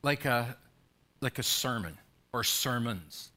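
A man's voice: mid-range voice, lively intonation, slow, bright, forceful tone. A man preaching a sermon as pastor, urging and pleading with his congregation through emphatic repeated questions.

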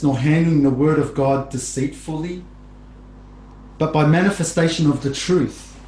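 A man delivers a sermon in a conversational, repetitive way, his voice sitting a little high. He grows animated as he tells stories to the congregation. The room rings with echo, and a faint hum sits underneath. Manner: conversational, repeats phrases, rises animatedly in stories. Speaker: preacher.

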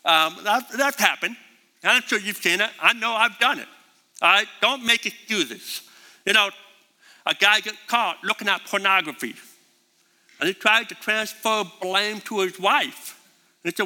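A man with a high, very bright and piercing voice preaches with emphasis, hammering home his points by repeating them. His words ring out with a long reverb, as in a big church hall. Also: animated, a little slow. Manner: emphatic, repeats key phrases. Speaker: pastor. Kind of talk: sermon.

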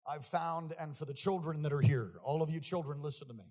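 A man preaching a sermon, telling a story with animation and building to shouted peaks. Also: a little high, fast talker.

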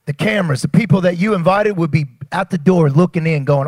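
Man preaching, high husky voice, dry sound, animated and stammering, builds to shouts. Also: quick pace, hardly any pauses, no room sound. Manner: stammering restarts. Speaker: pastor. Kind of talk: sermon.

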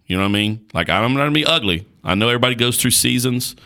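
A man's voice: medium pitch, expressive, very fast, vocal fry, pushed and bright, clean tone. A male podcast host preaching on a Bible passage in an emphatic, repetitive, colloquial way.

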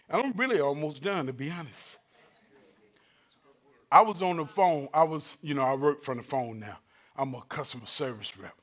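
A man preaching a sermon, telling a personal story with laughter and acted-out quotes. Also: on the high side. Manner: animated, laughing storyteller who acts out quotes.

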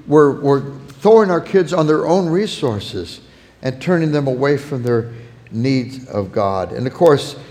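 A man preaching a sermon on parenting, earnest and warm, softening when he tells a family story. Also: mid-range voice. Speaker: pastor teaching on parenting. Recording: long hall reverb.

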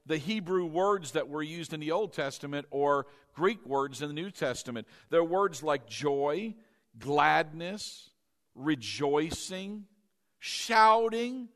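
Male pastor preaching with a high, very expressive voice, calls for congregation replies. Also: slow pace. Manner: animated, shifts between loud exclamations and soft teaching. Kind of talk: sermon.

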